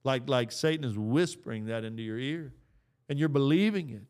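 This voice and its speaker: Middle-aged male podcast host, earnest preacher delivery with casual asides, smooth clear voice. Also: mid-range voice, expressive, a little fast, a little mellow. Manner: earnest, exhorting, with casual fillers. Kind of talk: preaching-style talk.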